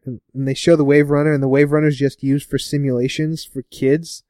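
A man casually recapping a TV episode with a co-host, laughing often and putting on quick voices for the characters. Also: mid-range voice, steady tone, mellow, clean tone, dry recording, studio quality. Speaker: podcast co-host.

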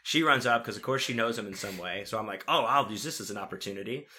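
Man, very bright tone, casual storytelling, rambling, profane, filler-heavy. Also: lowish voice, fast.

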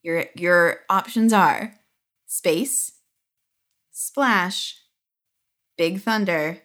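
A woman's voice: fairly low pitch, extremely slow, fairly bright tone. A woman co-hosting a podcast, telling stories in a chatty way with many fillers and giggles. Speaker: podcast co-host. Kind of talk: casual chat.

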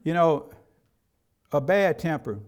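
A man's voice: on the high side, slow pace. A middle-aged man preaching a sermon as a pastor, in a conversational way, acting out quotes from everyday life.

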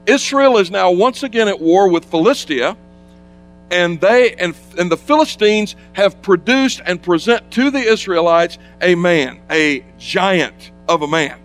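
A man preaching a sermon as lead pastor, telling the story with animated swings between hushed asides and loud bursts. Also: high-pitched.

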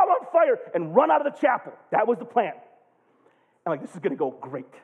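A man in his thirties preaching, telling a funny camp story with excitable, jokey energy and loud bursts. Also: very high voice, breathy edge. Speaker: pastor. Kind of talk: animated sermon storytelling. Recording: tinny phone-like sound.

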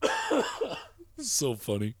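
A man's voice: high-pitched, wildly swooping pitch, drawn-out words, slightly rough, dry recording. A man co-hosting a casual chat, reacting with short remarks and lots of laughter. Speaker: podcast co-host.

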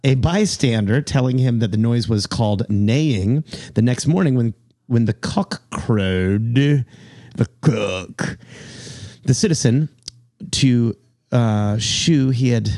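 Male podcast co-host, mid pitch, dry studio sound, jokey and stumbling through read-alouds. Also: warm tone, no room sound. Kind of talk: casual chat reading aloud from a website.

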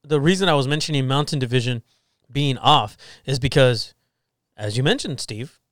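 A man co-hosting a casual podcast, lively and teasing as he explains and jokes. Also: medium pitch, moderate pace, no echo, studio quality. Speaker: podcast co-host. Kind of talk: casual chat.

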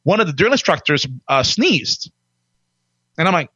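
A man in his forties telling stories in a casual chat, animated, barking out impressions of drill instructors. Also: on the high side, normal speed, husky, no echo, muffled recording. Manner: animated, acts out drill instructors in loud barks. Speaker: podcast guest telling his life story.

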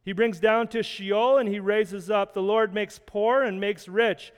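A man preaching in a high, smooth, resonant voice, earnest and conversational, circling back over his phrases as he works through scripture. His words ring out with a long reverb, as in a large hall. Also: fairly even intonation, measured pace. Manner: conversational, earnest, with frequent restarts and scripture readings. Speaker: pastor. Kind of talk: sermon.

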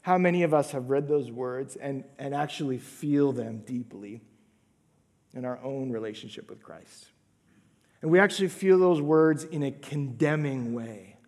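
A man preaching a sermon, swinging between loud emphatic lines and hushed, whispered asides. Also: mid-range voice, measured pace, big-room sound. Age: adult father of a young son. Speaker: pastor.

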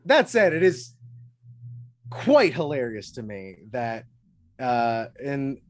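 A man trading jokes on a casual movie podcast, his voice rising and falling with lively swings. His talk is loose, and he swears freely. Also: medium pitch, slow. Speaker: podcast co-host. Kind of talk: casual chat.

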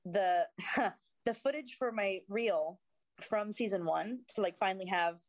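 A woman's voice: medium pitch, measured pace, dry recording. A woman in her thirties from the United States, an actor, chatting casually and animatedly, swearing freely. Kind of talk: casual chat.

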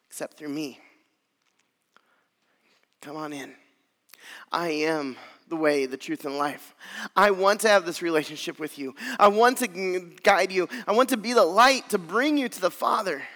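A man preaching a sermon as pastor, earnest and swelling louder on key phrases. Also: high-pitched, long reverb tail.

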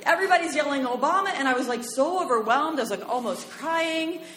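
A young American woman telling a personal story live on stage in a bar, chatty and animated, with many fillers. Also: high voice, brisk, a little hiss or hum. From United States. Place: bar stage before an audience. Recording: echoey live room.

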